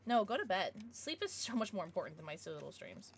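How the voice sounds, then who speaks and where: A woman's voice: mid-range voice, very animated, quick pace, slightly rough. A young woman streaming casually from home, gushing over gifts and baby-talking to her dogs between chats with viewers. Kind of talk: casual livestream chat.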